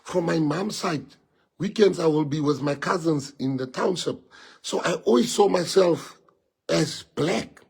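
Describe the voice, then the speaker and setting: A middle-aged South African man, a party leader, speaking to followers on a social media livestream in short anecdotal bursts whose loudness swings from lively to low. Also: moderate pace, vocal fry, husky. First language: Afrikaans. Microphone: phone or computer mic on a social media livestream.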